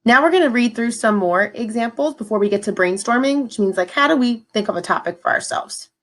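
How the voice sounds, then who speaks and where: A woman's voice: on the high side, lively intonation, brisk, a bit bright. A woman teacher talking students through a lesson in an upbeat, encouraging way. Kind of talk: recorded classroom lesson.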